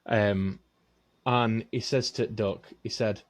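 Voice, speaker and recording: A man's voice: medium pitch, takes it slowly. A man telling a long-winded joke in casual podcast chat, swearing and rambling.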